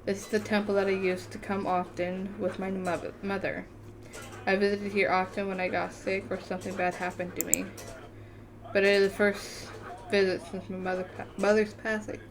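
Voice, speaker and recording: A woman's voice: mid-range voice, flat delivery, normal speed, a crowd in the background. A woman reading the text of a story game aloud in a casual let's-play manner, often tripping over words and correcting herself. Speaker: gamer reading a visual novel aloud.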